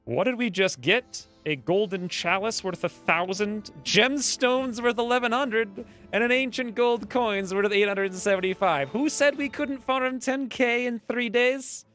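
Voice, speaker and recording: A man streaming a strategy game, talking excitedly over the play and crying out when his fighters get hit. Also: very high voice, a little slow, few pauses, soft background music. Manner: animated, yelps and cries out at hits. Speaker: gameplay streamer. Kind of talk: excited gameplay commentary.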